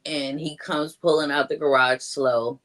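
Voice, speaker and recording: A woman's voice: low-pitched, fairly even intonation, a little slow, a bit bright. A woman telling her own story as a guest, chatty, with many "like" fillers, raising her voice when she acts out what others said. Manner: chatty, acts out quoted lines in a raised voice; heavy use of "like" fillers. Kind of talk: personal storytelling.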